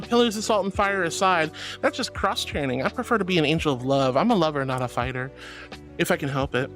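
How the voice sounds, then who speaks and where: A man with a high, bright-sounding voice chats on a livestream, swinging widely up and down as he reads out his chat. He is bubbly and affectionate, calling everyone sweetie and darling, and slips into giggles and playful squeals. Soft music plays faintly behind him. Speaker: streamer. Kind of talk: chatty livestream reading chat.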